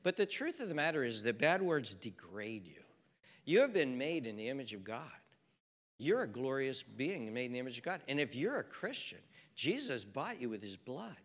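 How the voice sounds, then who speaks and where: A pastor with a mid-range voice preaches a sermon at a normal speed in a reverberant hall. He is very animated, earnest and conversational, often repeating himself for emphasis.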